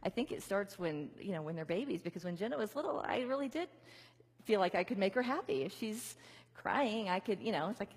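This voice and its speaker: Lady preaching casually, kinda husky, echoey big hall, has folks repeat after her. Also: medium pitch, expressive, a little fast, a little mellow. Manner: conversational, leads congregation in repeated affirmations. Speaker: minister. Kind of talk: sermon. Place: large church venue. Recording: reverberant hall.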